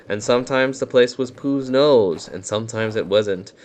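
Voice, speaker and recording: Man gently reading a bedtime story. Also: mid-range voice, normal speed. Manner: gentle, soothing. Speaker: narrator.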